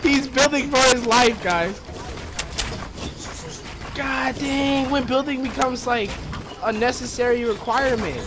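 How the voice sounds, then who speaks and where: Excitable high-voiced young man gaming. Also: unhurried, long pauses. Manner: excitable, joking, swears, yells when excited. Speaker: gamer streaming with friends. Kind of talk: casual gameplay commentary. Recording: noisy game chat audio.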